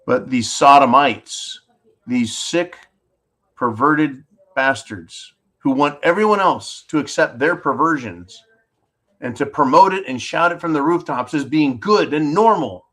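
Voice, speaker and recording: A man's voice: fairly high pitch, animated, a little slow, fairly bright tone. A man from California hosting a political commentary stream, combative and sarcastic as he rants and answers viewer comments. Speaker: channel host reading viewer comments.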